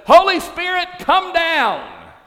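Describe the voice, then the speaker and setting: An exasperated old-time preacher calls upward in a high, forceful voice, played by a man telling the story. He sounds impatient and commanding. Long reverb from a large hall follows each call. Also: wildly swooping pitch, slow pace, full character voice. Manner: commanding, calling out louder and louder. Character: frustrated old-time circuit-riding male pastor.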